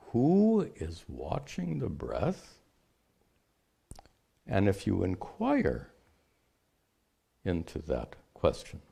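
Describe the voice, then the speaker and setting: A man, a spiritual teacher, answering questions in a measured, explanatory way. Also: low voice, gravelly, dark tone, slightly rough. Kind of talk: unscripted teaching talk.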